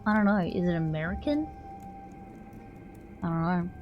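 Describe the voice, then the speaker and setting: A woman's voice: on the low side, expressive, moderate pace, lo-fi sound, soft background music. A woman with an Australian accent chatting casually on stream, then reading a story aloud with small stumbles. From Western Australia. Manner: chatty, hesitant, stumbles over words when reading.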